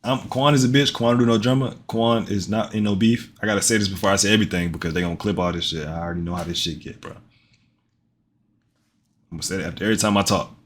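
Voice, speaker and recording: Laid-back joking streamer man, low voice. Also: steady tone, fast, a little hiss or hum. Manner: loose, joking and profane, repeats himself. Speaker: streamer reacting to a video. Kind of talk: casual live-stream commentary.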